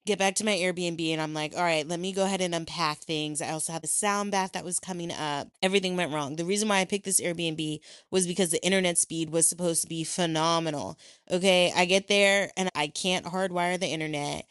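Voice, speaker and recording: A young adult woman hosting a podcast, telling a personal story in a casual, animated way, swearing freely and acting out what people said. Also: lowish voice, brisk, few pauses, clean tone, no room sound, studio quality. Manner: animated, swears freely, acts out quoted voices. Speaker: podcast host.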